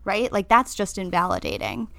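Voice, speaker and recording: Gravelly, bright-voiced woman co-host. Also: mid-range voice, huge pitch swings, moderate pace, dry recording. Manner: explains step by step, often checking in with "right?". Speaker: podcast co-host and therapist. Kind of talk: casual advice chat.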